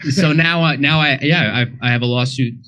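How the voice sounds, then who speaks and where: A man's voice: medium pitch, a little fast, slight background noise. A man, a comedian and impressionist, telling stories in a casual interview and slipping into voices. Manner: animated storytelling, slips into voices.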